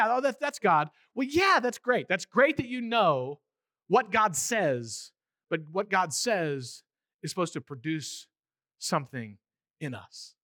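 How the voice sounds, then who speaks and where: A male pastor preaching a conversational sermon, animated and acting out little voices as he goes. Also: high-pitched, dry recording, studio quality.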